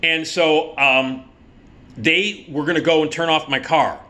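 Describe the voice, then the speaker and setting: A middle-aged man casually telling a personal story, animated and swearing freely, acting out the people in it. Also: on the high side, unhurried. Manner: animated, acts out the cop and himself in quoted voices.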